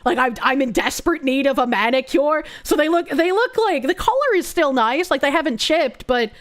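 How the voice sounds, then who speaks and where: A woman's voice: sits high, animated, moderate pace. A woman streamer telling a story in casual chat, rambling, swearing freely and filling her sentences with "like". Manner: rambling and profane, full of fillers like "like".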